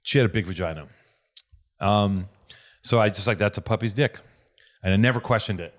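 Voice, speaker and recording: A man's voice: on the low side, fairly quick. A man hosting a podcast in casual chat, telling stories animatedly and swearing freely. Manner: profane, animated storytelling with acted-out quotes. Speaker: podcast host.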